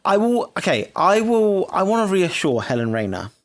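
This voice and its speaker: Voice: medium pitch, sing-song, moderate pace. A co-host in casual podcast chat, sardonic and fond of silly asides. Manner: sardonic, breaks into silly singing.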